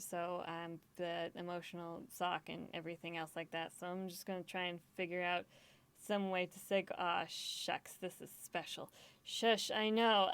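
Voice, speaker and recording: A woman's voice: medium pitch, a bit bright, clear, resonant tone. A woman gaming streamer in casual chat, rambling, swearing often and laughing easily, self-deprecating and emotional.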